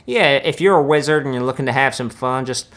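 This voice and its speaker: A man's voice: mid-range voice, brisk, a bit bright, lightly acted. A young man, playing a boastful country-boy wizard who reacts to films in a laid-back, rambling drawl full of folksy asides. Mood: smug. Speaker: comedic film reactor. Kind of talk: deadpan comedic reaction.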